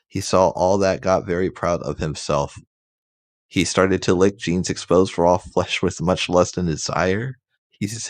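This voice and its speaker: A man hosting a mock-dramatic comedy reading, reading haltingly and stumbling over words. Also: deep voice, dry recording, studio quality. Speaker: host reading comic fiction aloud.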